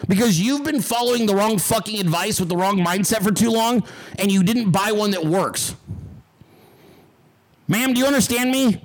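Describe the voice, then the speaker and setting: A man's voice: sits high, normal speed, rough recording. A man hosting a livestream, ranting at his chat with heavy profanity and mocking sarcasm. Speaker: livestream host.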